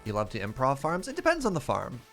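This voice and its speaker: A man's voice: medium pitch, huge pitch swings, quick pace, a bit bright, soft background music. Chatty man streaming a game. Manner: chatty, answers chat questions, laughs often, tells anecdotes. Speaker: streamer playing a modded block-building game. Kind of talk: casual live-stream chat while gaming.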